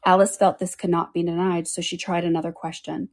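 A woman reading a children's book aloud in a plain, steady storytelling manner. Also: fairly low pitch, fairly quick.

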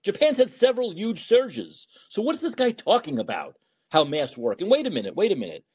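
A man hosting a podcast, talking alone in sarcastic, animated political commentary, swearing and thinking out loud. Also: high voice, brisk, slightly rough. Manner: animated and sarcastic, mocking voices of opponents. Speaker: podcast host.

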